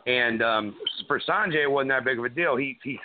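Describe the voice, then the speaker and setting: A man's voice: mid-range voice, a little fast, background noise. Man rambling on a tinny line. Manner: rambling, many restarts and fillers. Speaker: wrestler guest. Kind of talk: casual interview chat.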